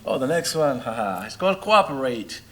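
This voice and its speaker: Soft music plays in the background as a middle-aged Senegalese man, a non-native English speaker, talks to the audience between his songs. He's spirited and full of rhetorical questions, speaking at a normal rate with a medium pitch.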